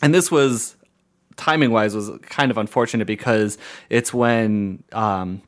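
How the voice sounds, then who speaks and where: A man's voice: lowish voice, a little slow. A man telling a story in casual chat, acting out the people he quotes and filling his talk with "like". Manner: animated, acts out quoted dialogue, lots of "like" fillers, laughs between lines. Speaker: podcast co-host and streamer.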